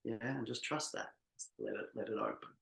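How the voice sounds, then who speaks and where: Gravelly man guiding a slow exercise. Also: medium pitch, steady tone, a bit bright, roomy sound, low-quality recording. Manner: slow, soothing guided instructions with many pauses and drawn-out "ah" sounds. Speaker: workshop facilitator. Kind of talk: guided embodiment exercise on a video call. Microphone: video call.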